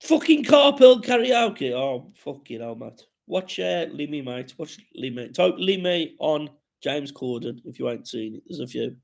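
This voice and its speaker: A man's voice: medium pitch, normal speed, vocal fry, few pauses. A man with a West Midlands accent hosting a live stream, reading out comments with sweary, jokey banter.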